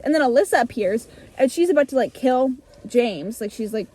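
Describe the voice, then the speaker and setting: Young adult woman, high-ish voice, animated casual storyteller with a loose swearing streak. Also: a little fast. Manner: animated, breezy, swears freely, acts out lines. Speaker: vlogger retelling her childhood story.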